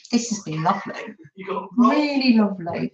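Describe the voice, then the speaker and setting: A woman hosting a chatty craft livestream by the seaside, gentle and affectionate as she greets viewers by name. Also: medium pitch. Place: by the seaside, away from her desk. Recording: roomy, dull lo-fi sound.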